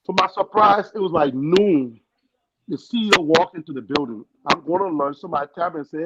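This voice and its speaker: A young man with a foreign accent tells his story on a podcast, earnest and animated, acting out the people he quotes. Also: on the high side, a little fast. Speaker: guest. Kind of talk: casual storytelling. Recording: dull lo-fi sound with loud noise.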